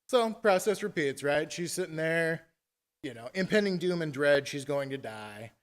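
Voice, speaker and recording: A man retelling a fairy tale at a conference in a casual, animated, chatty way. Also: a little high, normal speed. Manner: animated, chatty, tag questions. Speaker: conference speaker. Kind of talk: casual storytelling talk.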